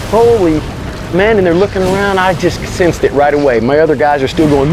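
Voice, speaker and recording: A man telling a story as an interview guest, animated and slangy, swearing freely. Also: on the high side, a little fast, music in the background. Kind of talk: casual storytelling.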